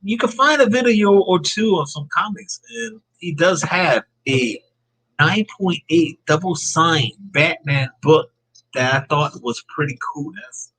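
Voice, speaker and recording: A man's voice: on the high side, expressive, a little slow, fairly bright tone, breathy edge, low-quality recording. A man hosting a casual live-stream podcast chat, upbeat and reading out viewer comments. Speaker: podcast host.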